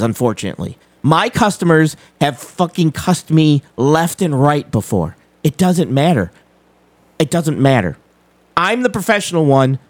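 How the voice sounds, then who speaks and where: A man's voice: a little high, dry recording. A man hosting a live show, commenting on a clip, repeating key points with emphasis. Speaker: host commenting on a played clip.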